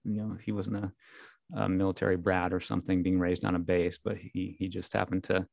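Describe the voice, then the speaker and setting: A man with a deep voice and a light Minnesotan accent, chatting on a podcast. His sound is dry and close, and he often stops with ums and restarts his sentences. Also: little pitch movement, fairly quick, creaky, a little mellow, dry recording. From Minnesota, USA. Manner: hesitant, many ums and restarts. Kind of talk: casual chat.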